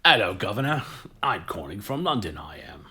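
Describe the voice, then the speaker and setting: Guy doing a cheesy fake english caller, higher and louder than his normal voice, totally over the top. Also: sing-song, slow, exaggerated voice. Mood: hammy. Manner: exaggerated, over-the-top put-on accent. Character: man faking a bad English accent.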